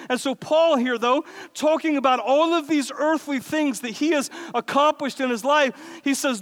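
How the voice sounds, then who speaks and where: A man's voice: extremely high pitch, normal speed, hardly any pauses, a bit bright. A man preaching a sermon as pastor of a church, in a casual, conversational way with asides and laughs. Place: church sanctuary. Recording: reverberant hall.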